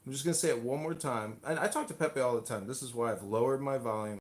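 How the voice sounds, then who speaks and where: A man's voice: medium pitch, quick pace, few pauses. A man, a political candidate on a casual stream, who keeps repeating a slogan and talks over the people questioning him. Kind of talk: casual livestream chat.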